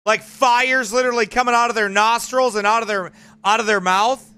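A man's voice: extremely high pitch, fairly even intonation, fairly quick, bright, forceful tone, clean tone. A male pastor preaching in a combative, mocking, emphatic way. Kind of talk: fiery preaching broadcast.

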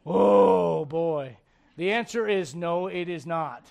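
High-voiced pastor preaching. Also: male voice, slow pace, creaky, darkish tone. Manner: emphatic storytelling, direct questions to the congregation, frequent restarts. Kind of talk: sermon.

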